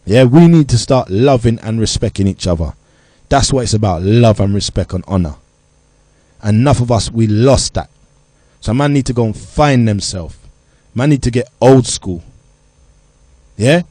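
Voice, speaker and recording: Preachy man, mellow voice. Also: mid-range voice, moderate pace, pauses often, dry recording. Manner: preachy, blunt, lecturing in street slang. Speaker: show host addressing youth. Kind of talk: impassioned monologue.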